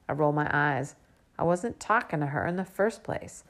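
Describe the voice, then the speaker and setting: A woman reading a first-person storybook aloud, giving the young girl narrator a lively voice. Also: low voice, moderate pace. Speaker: audiobook narrator.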